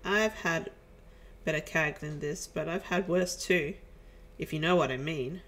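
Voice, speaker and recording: A woman's voice: deep voice, unhurried, fairly bright tone. A woman reading the lines of a stiff, formal spaceship commander. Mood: offhand.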